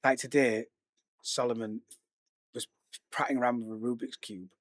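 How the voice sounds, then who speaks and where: A man's voice: mid-range voice, steady tone, moderate pace, no echo, studio quality. A middle-aged man, co-hosting a casual podcast chat and thinking aloud about parenting while acting out conversations. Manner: reflective, acts out dialogue in anecdotes. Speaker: podcast co-host.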